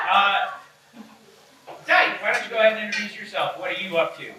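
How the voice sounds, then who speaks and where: A man's voice: high-pitched, expressive, sharp tone. A man runs a live comedy tabletop game, joking and chatty, his voice jumping up and down. He is heard from far off in a very echoey club, with a noisy crowd behind. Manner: joking, chatty, quick asides. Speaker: game master. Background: audience laughter.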